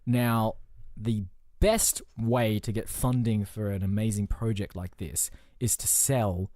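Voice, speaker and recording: A man's voice: on the low side, steady tone, takes it slowly, mellow, no room sound, studio quality. A man co-hosting a casual comedy podcast, rambling through absurd made-up stories with a joking manner. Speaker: podcast co-host.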